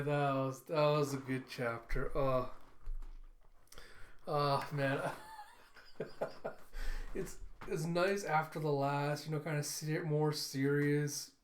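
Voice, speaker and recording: A man reviewing and recapping a manga chapter in a chatty, enthusiastic way, often laughing and filling pauses with "you know" and "uh.". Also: medium pitch, a little mellow, echoey room.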